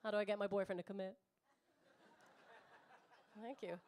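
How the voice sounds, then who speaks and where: A woman's voice: medium pitch, steady tone, moderate pace, darkish tone. A woman in her thirties doing stand-up comedy, brash and teasing the crowd, swearing freely. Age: 30s. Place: comedy club stage before a live audience.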